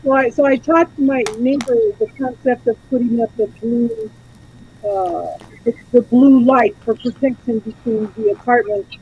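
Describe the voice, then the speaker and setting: A woman's voice: fairly high pitch, unhurried, dark tone, husky. A woman hosting a live spiritual chat, talking casually about energy and protection, heard through dull lo-fi stream audio.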